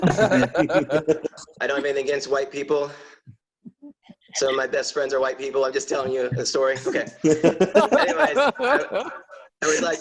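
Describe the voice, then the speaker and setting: A man's voice: a little high, brisk, rough recording. A man doing a chatty stand-up set over a video call, acting out little voices in his bits. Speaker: stand-up comedian.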